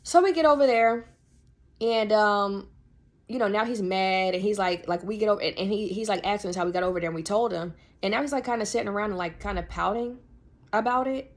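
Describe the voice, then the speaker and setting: A young woman telling a personal story on her podcast, animated and slangy, full of fillers. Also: mid-range voice, a little fast. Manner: animated, slangy, many fillers, laughs often. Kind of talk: casual storytelling.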